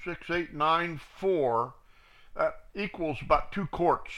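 A man with a high, bright voice teaches the Bible verse by verse, reading scripture aloud slowly and forcefully. He breaks in with plain asides as commentary between passages.

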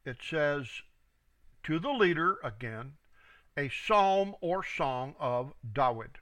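Slow, bright-voiced man reading scripture. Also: on the high side, expressive. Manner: slow, reads each word then its reference number, stresses quoted words. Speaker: Bible teacher. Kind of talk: verse-by-verse scripture reading with Strong's numbers.

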